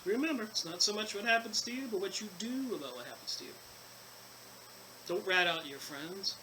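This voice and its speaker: Here the same kind of casual book commentary comes in a high, lively, somewhat fast voice that sounds pushed and bright. The man, a channel host, alternates reading with rambling tangents, fillers and restarts, over poor audio with a little hiss or hum.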